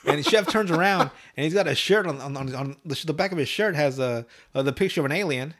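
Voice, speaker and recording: Animated man recapping a cartoon up close. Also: fairly high pitch, fast talker, few pauses. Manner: animated storytelling, swears often, laughs a lot. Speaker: podcast host. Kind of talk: casual episode recap. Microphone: close mic, breathing into it.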